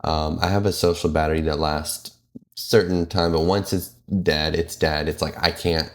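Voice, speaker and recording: A man's voice: rumbling low, steady tone, moderate pace. A man who works as a flight attendant, talking casually and candidly in a vlog, rambling with lots of fillers and self-corrections.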